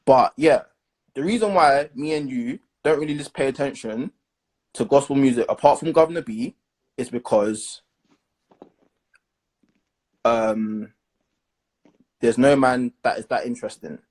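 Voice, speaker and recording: Blunt young man with a husky voice. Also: mid-range voice, measured pace, long pauses. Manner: blunt, animated, leans on slang and "do you understand". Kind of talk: casual opinionated chat.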